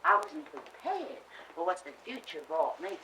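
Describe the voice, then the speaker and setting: A woman's voice: on the low side, sing-song, normal speed, bright, forceful tone, a little hiss or hum. An actress playing a faded Southern belle mother who gushes and rambles with little laughs, in a Southern accent. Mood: gushing. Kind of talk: stage play scene. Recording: roomy stage sound from far off.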